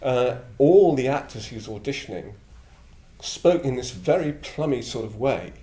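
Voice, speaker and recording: A man's voice: medium pitch, animated, moderate pace, warm tone. A man in his seventies from northern England, a Buddhist order member telling blunt, rambling anecdotes with a chuckle. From Middlesbrough, northern England. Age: 70s. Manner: blunt, digressive, chuckling storyteller. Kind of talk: reflective anecdotal talk. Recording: echoey room with faint ambience.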